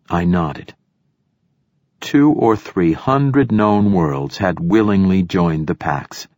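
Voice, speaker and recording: A man reading a first-person novel aloud as an audiobook narrator, in a dry, measured way. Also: sits low, animated, darkish tone, dry recording.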